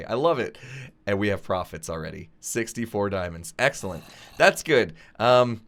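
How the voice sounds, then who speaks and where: Young man, sick with a cold, slightly low voice, chatty gameplay host, frequent laughs. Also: lively intonation, moderate pace. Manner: upbeat and chatty, laughs often. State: has a cold, voice in and out. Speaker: gaming video host. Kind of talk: casual gameplay commentary.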